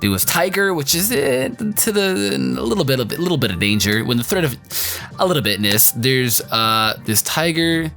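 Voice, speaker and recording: Man, excitable, slangy, rambling, animated pitch, casual anime review, faint music behind. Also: moderate pace.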